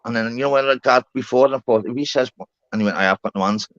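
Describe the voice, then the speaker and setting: A man telling a story on a live panel, excitable and sweary, acting out both sides of the conversation. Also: medium pitch, fast talker, dry recording. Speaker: streamer. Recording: slightly dull lo-fi call audio.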